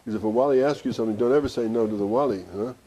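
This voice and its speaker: A man's voice: medium pitch, very fast, dark tone. A man teaching and telling a story in a conversational way, with asides and restarts. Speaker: Sufi teacher. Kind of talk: storytelling discourse. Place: study center.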